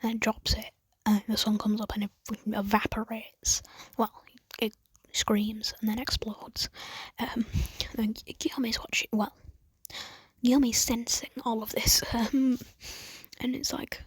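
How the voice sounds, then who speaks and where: A woman casually retelling a fan story in a husky voice, rambling with many fillers and mostly whispering. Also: fairly high pitch, level tone, a little slow, dry recording.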